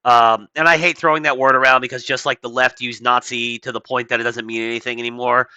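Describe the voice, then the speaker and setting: A man's voice: mid-range voice, little pitch movement, quick pace, bright, forceful tone, clean tone, no echo, low-quality recording. A man casually reading an article aloud and breaking in with blunt, sarcastic, profane commentary. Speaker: political commentary host.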